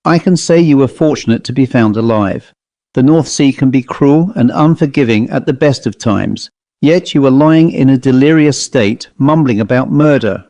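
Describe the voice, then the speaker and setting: A man voicing a proud, rotund village constable in his thirties with a provincial accent, raised in pitch. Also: normal speed, darkish tone, no room sound, close to an everyday voice. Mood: inquisitive. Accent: provincial English.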